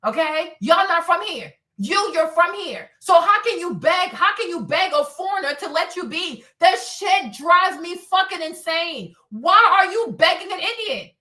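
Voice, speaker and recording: A woman's voice: very high-pitched, expressive, unhurried, few pauses, sharp tone, roomy sound, distant mic. A woman streamer ranting in live commentary, profane and emphatic, who keeps asking her audience "right?".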